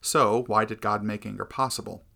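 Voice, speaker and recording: A man giving a measured, earnest scripted narration of a Christian devotional book. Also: on the low side, steady tone, vocal fry, sharp tone.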